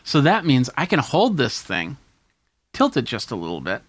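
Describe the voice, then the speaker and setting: A man's voice: medium pitch, huge pitch swings, normal speed, dry recording. A man with a mid-range voice hosts a tech video, walking through his camera gear in an easygoing, enthusiastic show-and-tell. The sound is dry and close. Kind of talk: hands-on gear demonstration.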